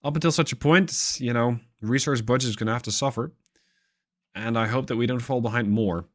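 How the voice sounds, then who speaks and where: A man's voice: medium pitch, a little fast, fairly bright tone. Wry man thinking aloud over a strategy game. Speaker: gaming channel host. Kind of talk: casual strategy game commentary.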